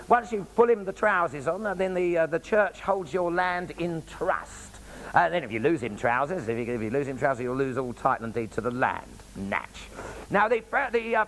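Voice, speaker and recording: A man telling a comic travel story as a raconteur, with cheeky asides and an animated, gravelly delivery. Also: high voice, low-quality recording.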